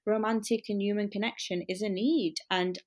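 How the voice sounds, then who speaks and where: A woman's voice: medium pitch, fairly even intonation, moderate pace. A woman in her early twenties co-hosting a casual podcast, talking in a reflective way and filling her speech with "like". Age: 20s. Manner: reflective, many fillers like "like". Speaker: podcast co-host. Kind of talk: casual chat.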